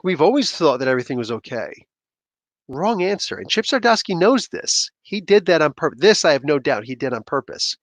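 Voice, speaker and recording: A man hosts comic book commentary in a casual, rambling style that swings into sudden excited outbursts. His voice sits a little high. The sound is dry and close. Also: dry recording. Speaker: comic book review host.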